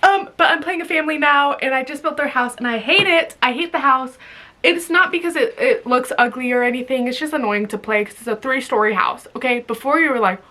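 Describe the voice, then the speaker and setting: A woman's voice: high voice, a little fast, pushed and bright. A young woman vlogging in a rambling, giggly casual chat, full of fillers.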